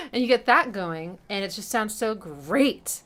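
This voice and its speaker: A woman's voice: mid-range voice, lively intonation, unhurried. A woman hosting a listening party, eagerly breaking down a song's rhythms and chords, scatting riffs and swearing casually when she slips. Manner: enthusiastic, hums and scats rhythms, swears casually. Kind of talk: casual music breakdown chat. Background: album music playing.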